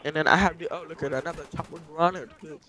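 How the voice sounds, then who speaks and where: Male gameplay commentator, high voice; profane, broken-grammar rambler, endless "you know". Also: steady tone, quick pace, pushed and bright, poor audio. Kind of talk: rambling comic storytelling over gameplay.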